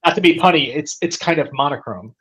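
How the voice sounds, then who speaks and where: Husky guy chatting on a live stream, lots of ums and restarts. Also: on the high side, lively intonation, fast talker, a bit bright. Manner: rambling, full of restarts and fillers. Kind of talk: casual live-stream chat.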